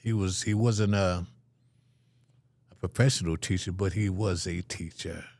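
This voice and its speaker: An older man tells a story in a low, gravelly voice, bringing each character to life as he goes. The sound is dry and close, with no room around it. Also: a little slow, darkish tone, dry recording. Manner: vivid storyteller acting out quoted voices. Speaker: interview guest. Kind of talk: storytelling in an interview.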